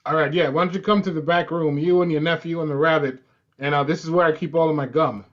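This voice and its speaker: A man performing improvised comedy on stage, halting with many fillers. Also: fairly high pitch, fairly even intonation, muffled recording.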